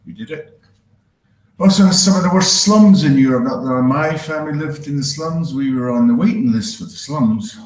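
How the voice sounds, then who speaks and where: A man with a Glaswegian Scottish accent tinged with Canadian, doing a stand-up comedy set in a dry, deadpan, self-deprecating way. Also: on the high side, normal speed. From Scotland. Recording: roomy echo.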